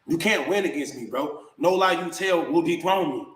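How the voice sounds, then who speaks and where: A man's voice: a little high, moderate pace, fairly bright tone, echoey room. A man venting in a heated rant to the camera, indignant and repetitive, calling his viewers bro. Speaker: vlogger.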